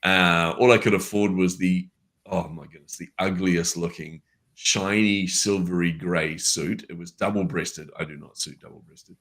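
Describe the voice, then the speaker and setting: A man with a low, deep voice tells a personal story in a relaxed conversation. He is an animated storyteller and acts out the dialogue he remembers. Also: normal speed. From New Zealand. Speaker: guest.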